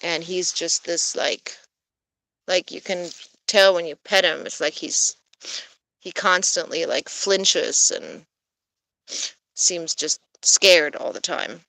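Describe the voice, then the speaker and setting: A young woman with a lowish voice talks casually to her pet vlog audience, rambling along with plenty of fillers. Her voice sits close and dry, with little room sound around it. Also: slow, vocal fry, pauses often, no room sound, rough recording. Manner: soft coaxing baby talk to a scared cat. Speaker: pet vlogger. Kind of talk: casual talk to camera.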